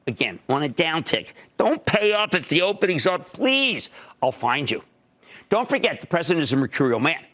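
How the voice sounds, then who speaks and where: Male TV market pundit, higher-pitched, very animated, emphatic punches. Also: moderate pace. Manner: emphatic, excitable delivery with sudden loud leaps. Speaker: TV market commentator. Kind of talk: TV financial commentary monologue. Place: TV studio.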